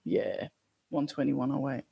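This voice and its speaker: A casual, chatty host, reading out viewer comments on a live watch-along stream and reacting as they go. The voice is mid-pitched and recorded dry and close, with no room sound. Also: unhurried, creaky, dark tone, breathy edge, dry recording. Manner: casual, chatty, thinks aloud.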